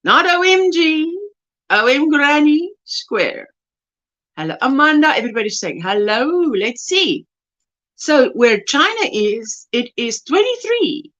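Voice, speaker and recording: A South African woman hosts a crochet livestream, greeting viewers one by one and reading their messages aloud. Her voice sits high and swoops up and down, and she takes her time. The recording sounds a little muffled and lo-fi. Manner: warm greetings, reads chat messages aloud, laughs often. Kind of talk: casual livestream chat reading viewer comments.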